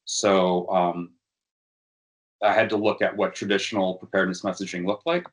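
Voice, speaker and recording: Man, very low voice, workshop presenter, halting delivery, lots of ums. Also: flat delivery. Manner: hesitant, many fillers and restarts. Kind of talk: educational workshop talk.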